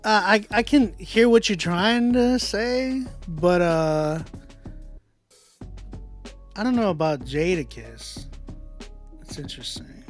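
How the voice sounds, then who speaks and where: Host type: male music reviewer, high voice, loose slangy delivery, faint music behind. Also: takes it slowly, long pauses. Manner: animated, conversational, drops in slang and filler. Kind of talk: casual song critique, talking to viewers.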